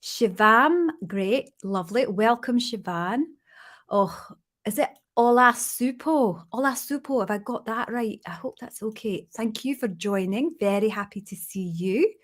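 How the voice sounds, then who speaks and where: A woman's voice: fairly high pitch, unhurried. A woman putting on a Scottish accent to greet viewers one by one as a cheery host. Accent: put-on Scottish. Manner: playful greetings, jokey.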